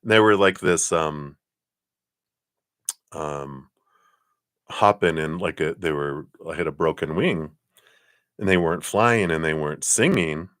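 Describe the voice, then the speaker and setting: A middle-aged man hosting a live card-reading stream, chatting casually, often chuckling and clearing his throat. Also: rumbling low, unhurried, long pauses, fairly bright tone.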